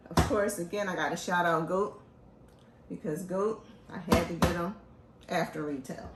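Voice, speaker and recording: A woman from Philadelphia hosting a casual show, talking in an animated, joking, chatty way. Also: fairly low pitch, normal speed, roomy sound, very noisy. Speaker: host. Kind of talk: casual chat.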